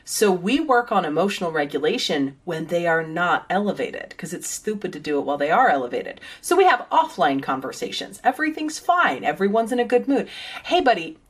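A woman's voice: lowish voice, sing-song, brisk, husky. Woman guest, blunt and profane, casual podcast talk. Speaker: parent.

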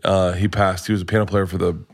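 A man with a fairly low speaking voice tells a long story in a loose, animated way. He keeps restarting his sentences and piling on details as he talks, like a comedian guest spinning an anecdote. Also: fast. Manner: rambling, animated, full of restarts.

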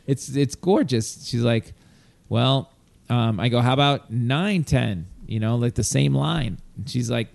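A man from New York telling a long exasperated story in casual chat, animated and swearing. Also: mid-range voice, a little slow, vocal fry, few pauses.

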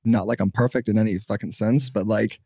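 Rambling young man with a gravelly voice. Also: lowish voice, fairly quick, no echo, clean studio sound. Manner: rambling, heavy use of "like", animated when quoting people. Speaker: podcast guest. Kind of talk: casual chat.

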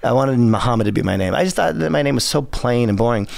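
A man's voice: mid-range voice, lively intonation, fast, vocal fry, no echo. A man from Southern California, a podcast guest telling long, profane stories that ramble and often break into laughter. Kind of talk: casual storytelling.

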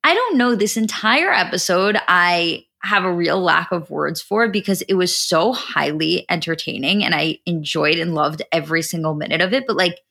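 Bright-voiced chatty woman podcast host. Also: fairly low pitch, normal speed, creaky, hardly any pauses. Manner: animated, fills talk with "like", swears. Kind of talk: casual recap chat.

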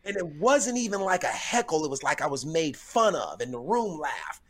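A man stand-up comedian hosting a podcast, telling stories in a relaxed, casual way. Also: on the high side, moderate pace. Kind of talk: casual storytelling chat.

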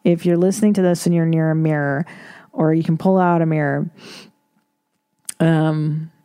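A woman's voice: low voice, fairly even intonation, normal speed, dark tone, clean tone. A woman hosting an advice podcast, talking bluntly in a casual monologue, swearing freely and laughing between points. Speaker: podcast host giving advice.

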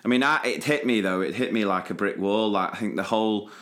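A man with a fairly low voice, chatting casually on a podcast. He recalls a night out in an easygoing way and hands the story over to his co-host. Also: quick pace, a bit bright. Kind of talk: casual chat.

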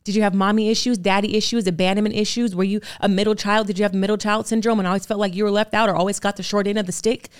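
A woman's voice: medium pitch, flat delivery, very fast, few pauses, clean tone. Earnest woman firing rhetorical questions. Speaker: podcast guest, actor and producer. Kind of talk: candid interview talk.

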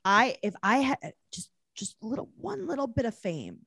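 A woman's voice: on the high side, very animated, normal speed, creaky, a bit bright, slightly rough, no echo. Teasing woman podcast co-host. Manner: playful, teasing. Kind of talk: casual podcast chat.

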